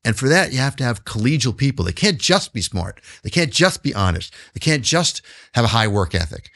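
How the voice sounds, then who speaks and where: A man speaking as a guest in an interview. His pitch moves a lot, rising and falling as he stresses points, and he repeats key words to hammer them home. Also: sing-song, fairly quick, a bit bright. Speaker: guest, business founder. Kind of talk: interview answer.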